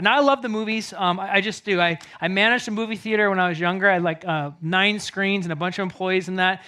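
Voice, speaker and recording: Animated, chatty pastor storytelling. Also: male voice, high voice. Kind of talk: sermon.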